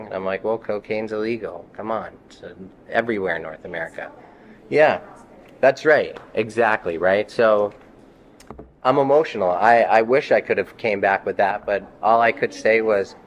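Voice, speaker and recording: A man's voice: lowish voice, normal speed, slight background noise. Heated, swearing man telling his story. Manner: profane, heated, quotes others in his telling. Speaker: interviewee recounting an arrest. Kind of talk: casual storytelling.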